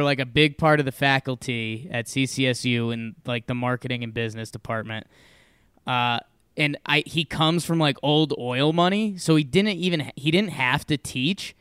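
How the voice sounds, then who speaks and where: A young man co-hosting a casual chat podcast, telling college stories with animated energy. His voice sits a bit high and sounds smooth and clear. It is recorded close and dry, with no room echo. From Connecticut, USA. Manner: animated storyteller, laughs often. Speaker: podcast co-host.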